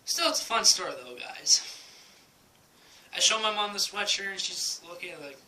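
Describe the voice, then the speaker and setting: A young man with a high, very bright and tense voice tells a casual vlog story, rambling with lots of ums and likes. He laughs often between phrases. A faint hiss sits under the home recording. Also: animated, moderate pace, poor audio. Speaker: vlogger. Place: at home, indoors.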